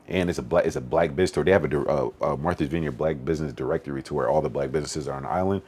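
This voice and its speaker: A young man with an extremely deep, low voice talks quickly in a relaxed podcast chat. He tells his stories in an animated way and uses a lot of slang. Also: slightly rough. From Western Massachusetts. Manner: fast, animated storytelling with slang. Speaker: podcast guest, event organizer. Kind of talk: casual podcast conversation.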